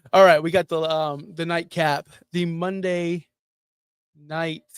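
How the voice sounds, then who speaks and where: A middle-aged man hosting a fantasy football show, talking in animated, sarcastic, jokey rants. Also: on the high side, smooth, no echo, clean studio sound. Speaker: fantasy football podcast host. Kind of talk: casual sports talk.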